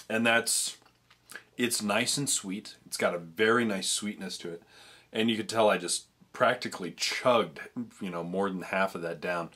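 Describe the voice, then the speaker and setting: A man's voice: lowish voice, a bit bright, breathy edge. A young man chatting casually in a food review vlog, rambling with frequent restarts and stumbles. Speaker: vlogger tasting treats.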